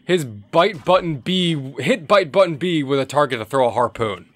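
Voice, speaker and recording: A man's voice: fairly high pitch, normal speed, no room sound. A man commentating a video game, joking and swearing as he plays. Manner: excitable, joking, swears often, reads game text aloud. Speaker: gameplay commentator. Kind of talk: profane let's-play commentary.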